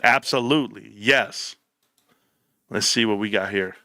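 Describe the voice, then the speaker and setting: Heard here with a lowish voice at a measured pace, the YouTube host rambles casually through his stories, using slang and playing out bits of dialogue in voices. The recording is dry and of studio quality.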